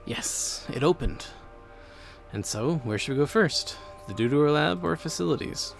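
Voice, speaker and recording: A man's voice: a little high, lively intonation, measured pace, vocal fry, faint music behind. A man streaming a game live, chatting casually and thinking aloud as he plays.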